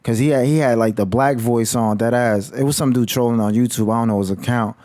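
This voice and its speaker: A man's voice: medium pitch, fairly even intonation, a little fast, mellow, no echo. A man vlogging about college football in a heated, slangy rant full of swearing. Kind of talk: casual profane rant.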